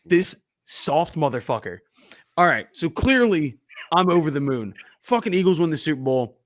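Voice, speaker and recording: A man's voice: on the high side, sing-song, moderate pace. A man hosting a casual podcast chat, brash and boastful, swearing freely as he tells a story. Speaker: podcast host.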